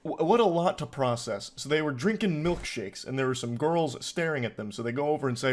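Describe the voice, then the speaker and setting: A man's voice: medium pitch, lively intonation, brisk, few pauses. A man commentating on online posts, mocking them in a dry, incredulous way. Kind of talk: sarcastic reaction commentary.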